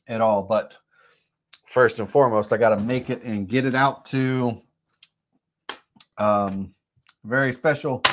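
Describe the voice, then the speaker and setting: A man's voice: mid-range voice, a little hiss or hum. A middle-aged man with a slight cold hosting a live woodworking tutorial stream, rambling with many fillers and self-corrections. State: has a cold, occasional coughs.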